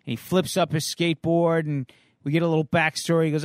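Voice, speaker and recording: A male podcast co-host with a fairly high voice rambles through a casual comic recap, stopping often for uhs and ums. The sound is dry and close. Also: flat delivery, quick pace, no echo.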